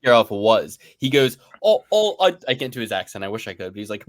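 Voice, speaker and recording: A man's voice: medium pitch, very animated, fast talker. A man co-hosting a sports betting podcast, teasing and playful, laughing often in casual chat. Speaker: podcast co-host making fight picks.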